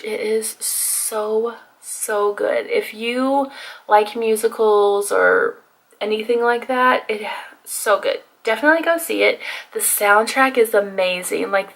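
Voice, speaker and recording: Chatty Texan woman with a gravelly edge. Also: medium pitch, fairly bright tone, poor audio. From Texas. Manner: chatty and confiding, with fillers like "like" and "you know". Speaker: beauty vlogger. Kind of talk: casual get-ready-with-me chat while doing makeup.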